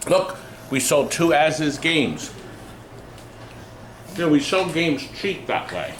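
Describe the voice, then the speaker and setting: A man's voice: a little high, sing-song, takes it slowly, roomy sound, a little hiss or hum. A man hosting a casual, joking video from his arcade game shop, teasing his guests and staff with playful outbursts. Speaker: host of a pinball shop channel. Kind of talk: casual joking chat on camera.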